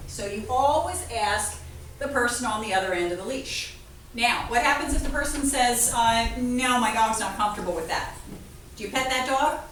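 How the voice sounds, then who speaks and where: A woman veterinarian giving a playful, animated talk to a class of children, asking them questions. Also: fairly high pitch, normal speed. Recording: echoey room from far off, faint noise.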